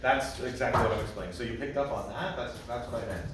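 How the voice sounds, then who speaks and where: A man's voice: medium pitch, fast. A man teaching a trope class as cantor, who speaks patiently and chants the phrases. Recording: echoey room, mic at a distance.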